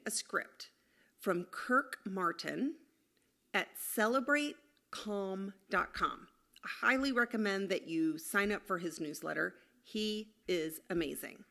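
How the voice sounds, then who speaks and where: A woman's voice: medium pitch, vocal fry, a bit bright. Woman parenting coach giving casual advice. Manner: acts out kids' replies in snippy voices. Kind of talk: casual advice talk to camera.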